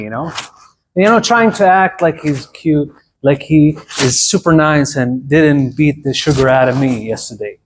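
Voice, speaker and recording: A man in his thirties from Saudi Arabia with a Saudi Arabian accent, giving a humorous club speech with dramatic pauses and asides. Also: fairly high pitch. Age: 30s. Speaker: public speaker. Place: club meeting room. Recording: noisy room recording.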